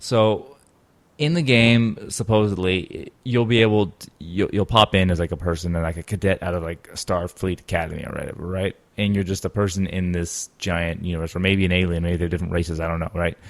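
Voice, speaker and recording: A man's voice: low-pitched, fairly even intonation, a little fast. A man hosting a casual gaming podcast, rambling with many fillers and restarts. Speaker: podcast host.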